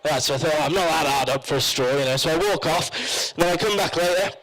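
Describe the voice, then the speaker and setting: A man's voice: on the high side, quick pace, a bit bright, rough recording. A young man with a Wrexham Welsh accent doing live stand-up, telling rambling, self-mocking stories full of fillers. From Wales. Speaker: stand-up comedian. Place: live comedy stage at a university campus event.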